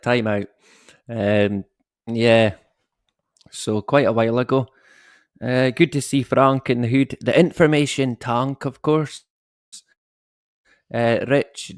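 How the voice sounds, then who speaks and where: Chatting casually with viewers from his home, a man in his thirties hosts a livestream and greets his audience in a medium-pitched voice. He is self-mocking and jokey, swears freely, and laughs a lot, recorded dry at studio quality.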